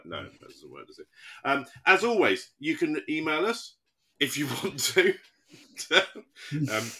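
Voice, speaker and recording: A man's voice: a little high, sing-song, unhurried, sharp tone. Rambling, self-mocking podcast host man. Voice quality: smooth. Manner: rambling, self-deprecating, laughs often. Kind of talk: casual podcast chat.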